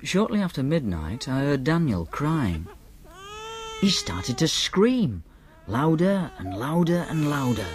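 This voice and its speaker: A man with a Northern English accent narrating an audiobook in a deadpan, matter-of-fact manner. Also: medium pitch, measured pace. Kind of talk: first-person audiobook narration.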